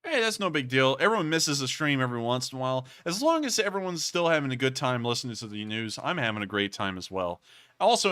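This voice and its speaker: A man's voice: fairly high pitch, bright, forceful tone, dry recording. A man hosting a live news stream, talking in an earnest, rambling way and repeatedly thanking viewers for their support. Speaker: livestream news host. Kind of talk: casual livestream chat.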